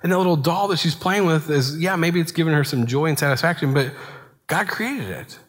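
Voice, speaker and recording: A man in his thirties preaching a sermon in a relaxed, conversational way, full of asides and rhetorical "right?" checks. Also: on the high side, brisk. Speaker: pastor. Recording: long hall reverb.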